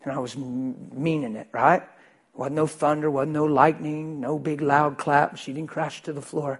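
Male pastor, fairly high husky voice, animated sermon storytelling, drops to a hush then bursts out loud. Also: moderate pace. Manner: animated, swings between loud and hushed.

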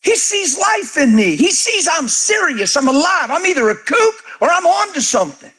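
A man telling lively stories as an interview guest, excitable and laughing often as he acts out the voices of the people in his tales. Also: very high-pitched, moderate pace. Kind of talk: animated storytelling.

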